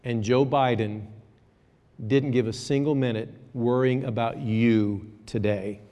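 A man preaching a sermon to his church, talking to the congregation in a conversational way that moves between quiet asides and raised exhortation. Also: mid-range voice, steady tone, measured pace, big-room sound, lo-fi sound. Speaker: pastor.

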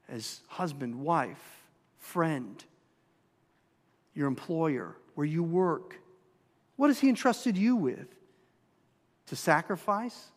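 A man with a Minnesotan accent preaching a sermon, asking the congregation questions with emphasis. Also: a little high. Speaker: pastor. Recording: long hall reverb.

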